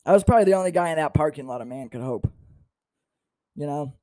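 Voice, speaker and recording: A man's voice: a little high, fast talker, dark tone, dry recording. Crude young man telling stories, dry. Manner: self-deprecating, crude storytelling. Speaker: podcast host. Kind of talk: casual comedic storytelling.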